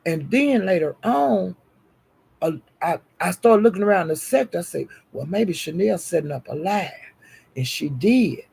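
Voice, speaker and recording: A man telling a gossipy story in a casual, animated way. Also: high-pitched, normal speed, vocal fry, husky.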